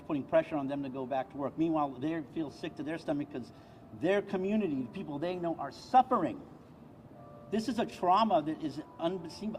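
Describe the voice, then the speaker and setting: A man's voice: a little high, a little mellow, slight background noise. Impassioned man at a press podium. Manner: impassioned, emphatic public speaker. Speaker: state senator. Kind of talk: press conference speech.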